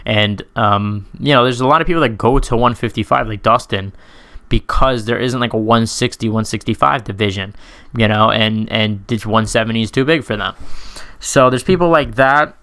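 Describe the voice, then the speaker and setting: A man's voice: lowish voice, normal speed, sharp tone, clear, resonant tone. A man commentating on MMA in a casual, unscripted Q&A monologue, rambling and swearing, with many fillers and self-corrections.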